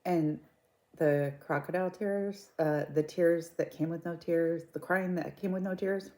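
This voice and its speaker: Low, mellow and a little slow, this woman's voice has a relaxed warmth. She's a mukbang vlogger casually storytelling to her viewers, gossipy and chatty, reacting freely throughout.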